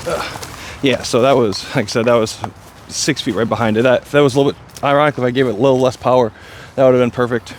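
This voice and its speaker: Excitable chatty man on a disc golf course. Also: mid-range voice, quick pace, slight background noise. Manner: chatty, excitable, self-deprecating. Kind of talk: casual play-by-play commentary.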